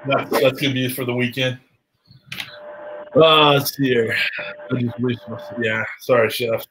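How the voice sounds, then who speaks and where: A man's voice: mid-range voice, fairly even intonation, unhurried, fairly bright tone, a little hiss or hum, low-quality recording. A man hosting a live show, chatting loosely with guests and viewers, swearing and laughing often. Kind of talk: casual live-stream chat.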